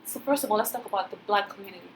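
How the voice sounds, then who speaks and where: A woman's voice: medium pitch, very fast, slight background noise. A woman moderating a panel discussion, laughing between her questions.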